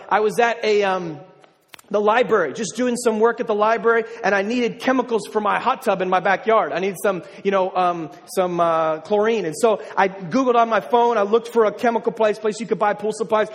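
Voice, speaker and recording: A man preaching a sermon as a pastor, telling a personal story and building to emphatic declarations. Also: high voice. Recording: long hall reverb.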